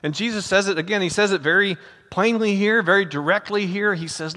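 A man's voice: high-pitched, fairly quick, sharp tone. An older man preaching a storytelling sermon as a pastor, speaking conversationally and calling his listeners friends. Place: church sanctuary. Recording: long hall reverb in a church.

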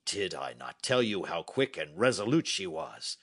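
Storybook king, proud and emotional, exclaiming loudly, read by a man. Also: on the low side, big pitch swings, normal speed, gravelly, no echo, studio quality, full character voice. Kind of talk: storybook reading for learners.

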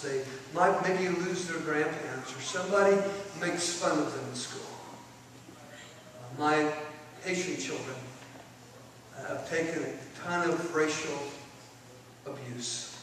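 A middle-aged man giving an animated storytelling talk at a conference, sometimes shouting out parts of his stories. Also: fairly high pitch, a little hiss or hum. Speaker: conference speaker. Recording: echoey hall from far off.

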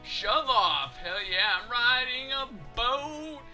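A man's voice: extremely high pitch, expressive, takes it slowly, bright, forceful tone, faint music behind. A man giving casual, jokey commentary while playing a video game. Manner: jokey, goofy. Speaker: let's play host.

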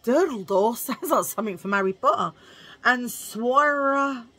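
A woman vlogger chats casually to her viewers, drifting into rambling stories and laughing at her own jokes. Her voice has a husky, breathy texture at a medium pitch. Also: expressive, fairly quick, a bit bright. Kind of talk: chatty vlog storytelling.

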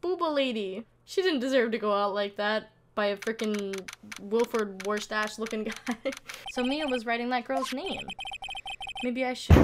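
A woman's voice: a little high, normal speed, background noise. Giggly young woman gaming, crude jokes. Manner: giggly, crude and joking, reads game lines aloud in voices. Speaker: let's play streamer. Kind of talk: casual gameplay commentary. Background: game music.

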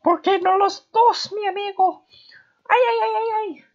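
A man putting on an exaggerated Spanish-accented voice for an excitable, babbling man, with shrill exclamations. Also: unhurried, close to an everyday voice. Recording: dull lo-fi recording.

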